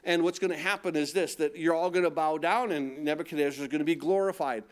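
A man delivering a sermon in a somewhat high voice. He keeps asking his listeners questions and then answers them himself, and his delivery builds in force as he preaches. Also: steady tone, fast. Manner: call-and-response questions, rising in intensity. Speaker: pastor.

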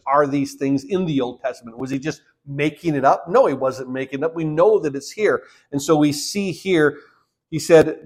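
A man preaching in an everyday mid-range voice. He reads verses aloud and then breaks them down, louder on the big lines and quieter on the closing points, with a few stumbles and repeats. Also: medium pitch. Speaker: pastor. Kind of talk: sermon.

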